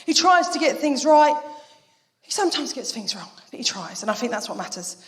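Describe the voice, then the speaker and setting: Woman doing stand-up in a theatre, jokey storytelling, echoey room. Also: a little fast. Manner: animated, jokey storytelling with big pitch swings. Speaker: stand-up comedian. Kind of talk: live stand-up set. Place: theatre stage before a live audience. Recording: roomy live venue sound.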